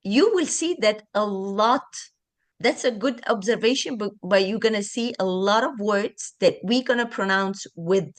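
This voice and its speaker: A woman tutor leads a class over a video call. She talks slowly and encourages her students, repeating each phrase carefully. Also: mid-range voice. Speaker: French tutor. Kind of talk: online group class.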